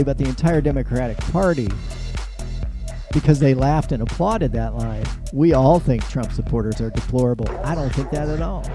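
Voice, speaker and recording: Middle-aged male host, higher than usual, mellow tone, wry and joking, soft music underneath. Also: no room sound. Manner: joking, sarcastic, laughs at own jokes; mocks others with put-on quoted voices. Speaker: show host. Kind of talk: live political monologue.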